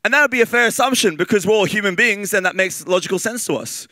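A man with an Australian accent preaching a sermon in a lively, conversational way, with fillers and repeated phrases. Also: high-pitched, fast, no echo.

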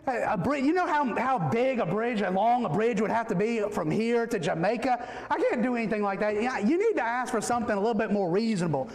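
A man's voice: very high-pitched, animated, fairly quick, few pauses. A man preaching a sermon, voicing a decrepit old male genie who is rusty and weary and bargains over wishes. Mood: exasperated. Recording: echoey church hall reverb.

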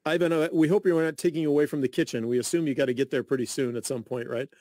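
Radio host guy, warm dark voice, dry studio sound, friendly long questions. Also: on the high side, steady tone, racing, no room sound. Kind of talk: hosting a radio interview.

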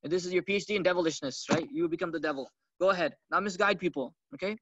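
A man's voice: high-pitched, very fast, fairly bright tone, no room sound, highs cut off. Man putting on a smug coaxing devil. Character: scheming smooth-talking male devil tempter.

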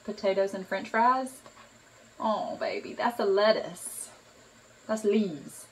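A mother in playful talk with her baby, slow, sing-song and encouraging. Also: mid-range voice, distant mic, poor audio.

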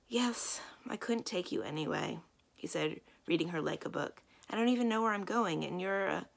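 A woman librarian reading a children's novel aloud, gently, lifting her voice for the dialogue. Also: mid-range voice, lively intonation, normal speed, vocal fry. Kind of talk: children's book read-aloud.

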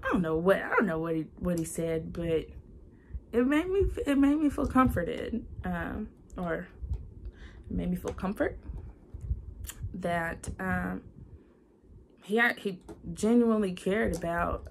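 A young woman talking earnestly into her personal video diary, confiding with many pauses and restarts. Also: lowish voice, creaky, slight background noise.

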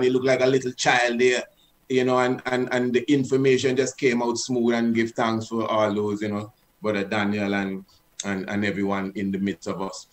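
A man leading an exercise over a video call, earnest and coaxing, repeating commands with rising force. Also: mid-range voice. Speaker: presenter leading an online session.

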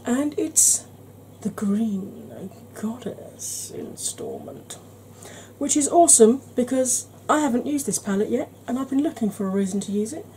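A woman hosting a makeup tutorial, chatting in a rambling, conversational way and sometimes dropping into a soft whisper. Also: high voice, fairly quick, hardly any pauses, a little hiss or hum, rough recording. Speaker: beauty channel host.

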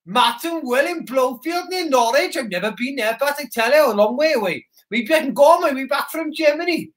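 A Welsh man hosting a live interactive children's broadcast in character as a soldier, excitable, shouty and chatty with the viewers. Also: very high-pitched, brisk. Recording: roomy echo.

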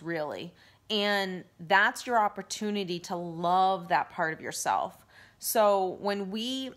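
A woman life coach giving casual self-help advice to camera, earnest and gently coaching, with lots of fillers. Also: mid-range voice. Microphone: handheld phone camera.

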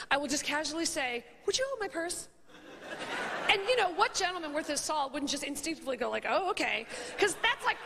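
A woman in her thirties doing stand-up, rambling and self-mocking as she acts out the people in her story. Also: sits high. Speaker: stand-up comedian. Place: stage before a live audience. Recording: audience laughter and faint noise.

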